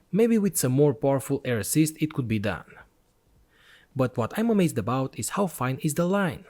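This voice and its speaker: Lively, enthusiastic man reviewing gear. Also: mid-range voice. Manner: enthusiastic, explanatory step-by-step. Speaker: electronics channel host. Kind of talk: product review voice-over.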